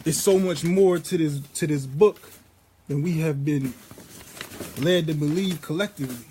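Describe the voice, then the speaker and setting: A vlogger with a high-pitched, dark-toned voice delivers a rambling spiritual monologue in a preachy, profane, street-casual style, with a little hiss or hum in the audio. When he quotes scripture, he slows and reads each line deliberately.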